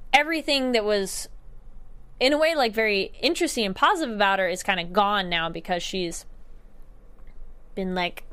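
A young woman recapping a TV episode in a chatty, animated way, tripping over words and correcting herself. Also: fairly high pitch, smooth. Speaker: TV show reviewer. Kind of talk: casual recap vlog.

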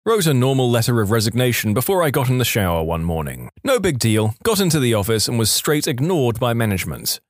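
A man's voice: medium pitch, sing-song, fast talker, hardly any pauses, dry recording, clean studio sound. A man narrating reader-submitted stories in a scripted storytelling delivery.

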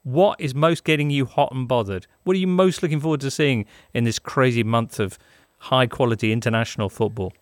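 A man's voice: medium pitch, brisk, no echo. A man hosting a podcast, reading ads in a jokey, playful way. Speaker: podcast host. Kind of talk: casual podcast chat and ad read.

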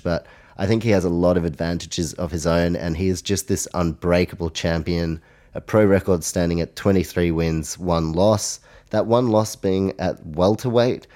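A man's voice: deep voice, dark tone. An Australian man hosting a solo podcast, talking casually through fight predictions with chatty asides. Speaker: podcast host.

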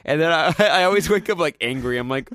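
A man's voice: a little high, expressive, quick pace, fairly bright tone, no room sound. A young man hosting a casual podcast, telling a rambling story full of "like" and acting out his own quotes. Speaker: podcast host.

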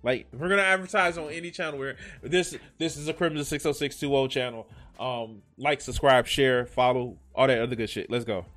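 Rambling, swearing reaction host. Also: male voice, mid-range voice, steady tone, brisk, few pauses, fairly bright tone. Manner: rambling, swearing, self-mocking. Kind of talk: casual reaction commentary.

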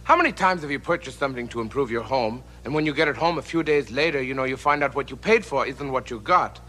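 An actor playing a pompous German-accented home-improvement instructor who lectures and rants at viewers in a comedy sketch. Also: male voice, medium pitch, fast talker, sharp tone, a little hiss or hum, close to an everyday voice. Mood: lecturing. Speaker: comedy sketch character played from archive.

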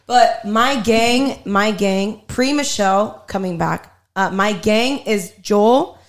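A woman speaks slowly at a medium pitch, relating a story in a laid-back chat. She swears freely and brings the story to life by acting out people's words.

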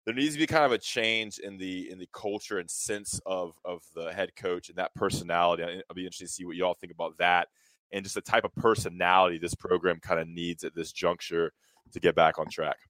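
A man's voice: sits low, fairly bright tone, clean tone, no echo. A man co-hosting sports talk, giving a thoughtful, rambling analysis. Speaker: co-host.

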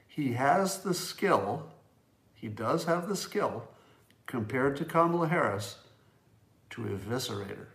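Male host, solo commentary, emphatic and chatty, mid-pitched, roomy sound. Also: expressive, a little slow, creaky, pauses often, a bit bright. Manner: conversational, emphatic, musing aloud. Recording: roomy echo.

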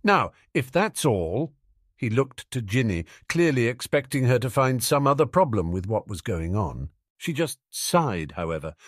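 A man narrating a fan-fiction audiobook in a wry, lively storytelling manner. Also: low-pitched, no room sound. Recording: dry close recording with faint music.

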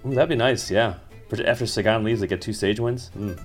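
A man's voice: on the low side, a little fast, soft background music. A man hosting a podcast over a call, giving casual race analysis in a thoughtful, hedging way with frequent restarts. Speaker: podcast host. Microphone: remote call.

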